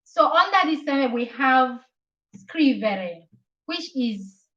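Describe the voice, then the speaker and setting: A woman tutor on a live-stream lesson speaks at an unhurried, halting pace, filling pauses with "um" and "uh" while she writes. Her voice sits a little high, and she repeats each verb form carefully for her viewers. The audio is roomy and a bit dull, as if from a built-in mic. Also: animated, a bit bright. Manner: slow and halting, with many fillers while writing; repeats Italian verb forms slowly and encourages viewers.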